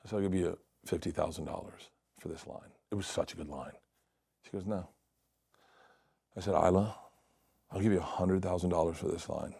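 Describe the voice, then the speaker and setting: A middle-aged man telling stories in a casual podcast chat, laughing often and dropping to quiet mutters. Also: low-pitched, fairly even intonation, fairly quick, creaky, slightly rough, no room sound, studio quality. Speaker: comedian guest. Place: podcast studio.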